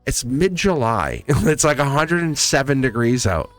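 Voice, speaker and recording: A man reads tarot in a loose, rambling way. His voice sits at an ordinary middle pitch, and he circles back on his own phrases while faint music plays behind him. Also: very animated, a little slow. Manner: rambling, repeats and restarts phrases, chuckles often. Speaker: tarot reader. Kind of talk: casual tarot reading to camera.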